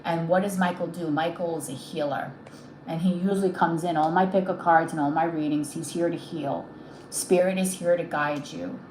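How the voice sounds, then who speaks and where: A woman's voice: lowish voice, steady tone, moderate pace, a little mellow, reverberant, a little hiss or hum, poor audio. A woman giving a live tarot reading, speaking in a soothing, reassuring way and often checking in with "okay?". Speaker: tarot reader.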